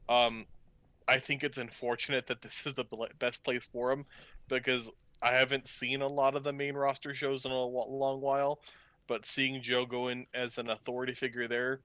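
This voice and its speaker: A man co-hosting a wrestling podcast, giving his candid, halting opinions. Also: mid-range voice, bright, forceful tone, dry recording. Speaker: podcast co-host. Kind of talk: casual wrestling chat.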